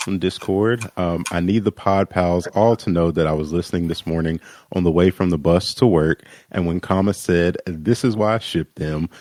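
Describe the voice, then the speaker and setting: A man's voice: low-pitched, normal speed, darkish tone, dry recording. A man co-hosting a podcast, speaking casually and earnestly, also reading listener mail aloud. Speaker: podcast co-host. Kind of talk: casual chat.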